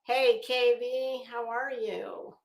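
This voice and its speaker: A chatty middle-aged woman with a Florida Southern accent hosts a casual livestream, greeting each viewer by name and cursing now and then. Her voice sits a little high for a woman. The sound has the echo of a roomy space. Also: fairly even intonation, slow pace, creaky. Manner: chatty, frank, swears freely, greets chat by name. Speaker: livestream host.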